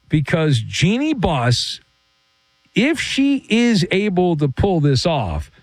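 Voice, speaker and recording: Animated, jokey male sports commentator. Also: fairly high pitch, no echo. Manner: theatrical, jokey, full of metaphors and mock sound effects.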